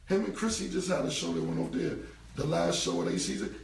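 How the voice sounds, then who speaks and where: 40yo new york guy ranting on a phone live, gravelly voice, echoey room, sits back from the mic. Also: on the high side, wildly swooping pitch, a little fast, recorded from a distance. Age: 40s. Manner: blunt, repetitive, streetwise slang with cursing. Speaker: rapper on a live stream. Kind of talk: casual live-stream rant. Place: indoor room, live stream.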